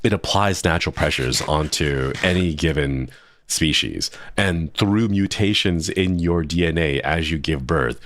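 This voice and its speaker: A man streaming a game, chatting casually and rambling into excited tangents. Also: low voice, no echo. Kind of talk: casual chat while gaming.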